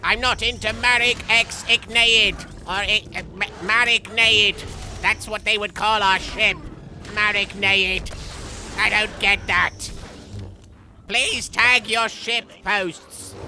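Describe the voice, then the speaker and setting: A man voicing a goofy, unhinged young male villain as he comments on a game, rambling through silly jokes with sudden shrill outbursts. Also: sharp tone, full character voice. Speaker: gameplay commentator. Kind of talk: comedic let's-play commentary.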